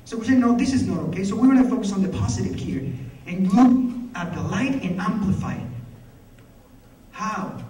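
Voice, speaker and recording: A man's voice: sits high, very animated, normal speed, long pauses, warm tone, a little hiss or hum. A man giving a passionate, storytelling speech at a conference. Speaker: conference speaker. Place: conference hall. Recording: echoey hall, mic from far off.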